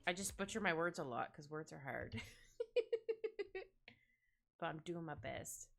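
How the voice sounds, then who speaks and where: A woman's voice: unhurried, gravelly, a bit bright. A young Canadian woman chatting casually with viewers while drawing on a livestream, rambling with many fillers. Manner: rambling, chatty, lots of fillers, acts out quotes in squeaky voices. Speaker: streamer.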